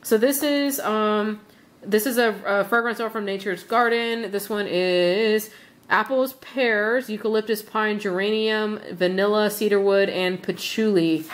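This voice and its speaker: A woman's voice: mid-range voice, unhurried. Chatty woman rambling through a haul. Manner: chatty, rambling, enthusiastic, lots of fillers. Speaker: vlogger reviewing wax melts. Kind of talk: casual haul vlog.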